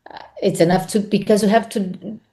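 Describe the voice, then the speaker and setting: An actress appearing as a podcast guest gives reflective interview answers in a mellow, medium-pitched voice with an Italian accent and a steady tone. Her speech is halting, and she repeats words while she searches for the English.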